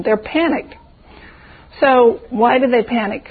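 Husky woman teaching Bible study, phone-quality sound. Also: fairly high pitch, fairly even intonation, a little slow. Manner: reflective, poses rhetorical questions. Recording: tinny phone-like audio.

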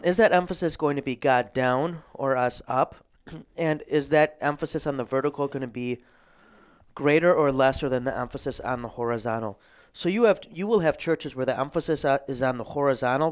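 Thoughtful man discussing theology. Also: mid-range voice. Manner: thoughtful, with frequent ums and throat clearing. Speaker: Lutheran pastor and host.

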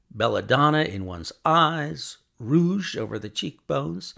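A man voicing Sherlock Holmes, a brisk, ironic, triumphant detective, in a crisp, amused manner. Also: fairly low pitch, a bit bright, heavily acted.

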